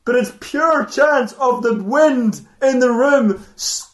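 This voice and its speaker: A man voicing a brainless metal man who shouts and moans about his pain. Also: extremely high pitch, takes it slowly, voice pushed up. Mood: moaning. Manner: shouting, airy, moaning.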